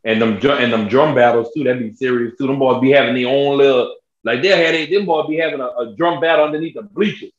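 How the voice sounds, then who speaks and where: A young man, co-hosting a casual sports podcast, telling animated stories and acting out quotes. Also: fast talker. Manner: animated storyteller, acts out quotes in a high voice. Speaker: podcast co-host. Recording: roomy, dull lo-fi sound.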